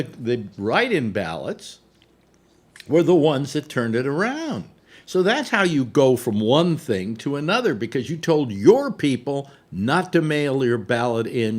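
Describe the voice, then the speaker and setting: A man hosting a casual panel chat on a video call, sarcastic and animated, stumbling over restarts. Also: mid-range voice. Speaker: host.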